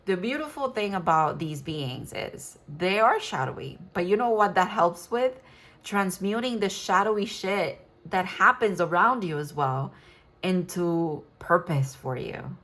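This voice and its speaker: A woman's voice: fairly low pitch, lively intonation, measured pace, fairly bright tone. A woman in her thirties giving a casual, rambling tarot reading, enthusiastic and full of restarts. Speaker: tarot reader.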